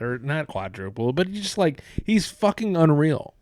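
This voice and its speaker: A man's voice: a little high, sing-song, normal speed, few pauses, darkish tone, no room sound, clean studio sound. A man hosting a podcast in casual chat, rambling, swearing freely and laughing often. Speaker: podcast host.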